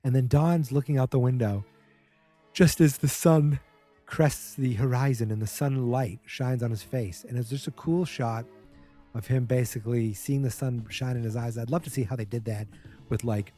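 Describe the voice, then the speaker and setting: A man's voice: medium pitch, steady tone, moderate pace, mellow, soft background music. A man hosting a podcast, casually recapping a TV episode in a chatty, wry way and mimicking the characters' lines. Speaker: podcast host.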